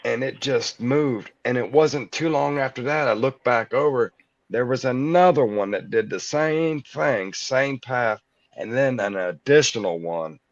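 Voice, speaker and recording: A man guest telling a personal story in a halting way, with many fillers and restarts. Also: mid-range voice, no room sound, lo-fi sound.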